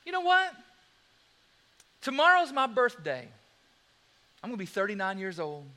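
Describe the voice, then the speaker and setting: A lonely middle-aged woman, as a preacher puts her on, soft and pleading in a sermon story. The voice is high and bright, quiet and hurt rather than loud. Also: wildly swooping pitch, normal speed, heavily acted.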